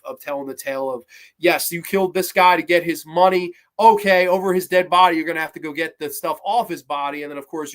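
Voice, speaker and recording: A man's voice: on the high side, a bit bright. Enthusiastic man rambling about horror films. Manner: enthusiastic, rambling, with fillers and mock-quoted lines. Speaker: podcast host. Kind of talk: casual horror movie review.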